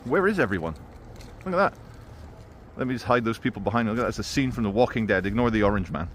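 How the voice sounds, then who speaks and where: A man's voice: fairly low pitch, lively intonation, quick pace, slight background noise. Wry man vlogging on the street. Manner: wry, sarcastic running commentary. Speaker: YouTuber walking a town. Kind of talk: walking vlog commentary. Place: outdoors on town streets. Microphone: handheld camera mic while walking.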